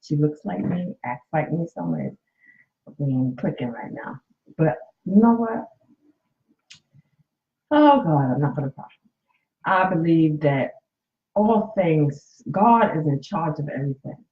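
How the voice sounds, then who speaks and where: A woman in her late fifties, a coach and nurse, hosts a live stream from her phone and talks openly and emotionally straight to viewers. Her voice is low-pitched with lively intonation and an unhurried pace, and the sound is roomy and slightly muffled.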